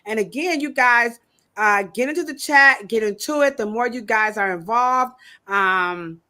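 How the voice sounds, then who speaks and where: Podcast hostess, bright clear voice, animated and emphatic, riffs and jokes with the chat. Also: female voice, fairly high pitch, measured pace. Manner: animated, emphatic, joking rants. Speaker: podcast host. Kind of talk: casual chat.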